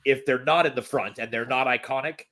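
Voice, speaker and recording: A man's voice: medium pitch, brisk, pushed and bright. A man hosting a podcast, chatting casually, often agreeing and reading out listener questions. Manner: agreeable, frequent affirmations. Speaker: podcast host. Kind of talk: casual chat.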